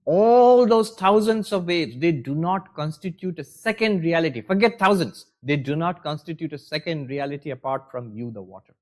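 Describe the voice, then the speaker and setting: High-voiced man teaching scripture. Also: lively intonation, moderate pace, few pauses, darkish tone. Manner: conversational, wry, poses rhetorical questions. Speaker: spiritual teacher. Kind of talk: lecture on scripture.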